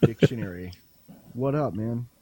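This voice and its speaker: A man's voice: mid-range voice, a little slow, dark tone, slightly rough, no echo. Joking, rambling man on a podcast. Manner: joking, rambling, boastful banter. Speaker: podcast guest. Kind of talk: casual podcast conversation. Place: home in Wyoming. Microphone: online voice chat call.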